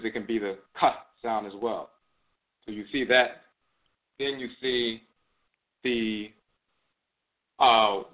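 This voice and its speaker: Man lecturing over a tinny phone-like line. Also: medium pitch. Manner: measured, repeats phrases and says "and so forth" often. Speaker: host and spiritual teacher. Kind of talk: spoken lecture on spiritual tradition.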